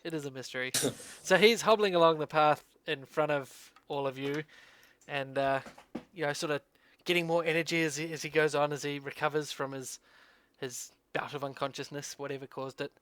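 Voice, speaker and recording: A man running a tabletop fantasy game as dungeon master. He narrates in a relaxed way with fillers and laughs. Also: fairly high pitch, moderate pace, clean tone.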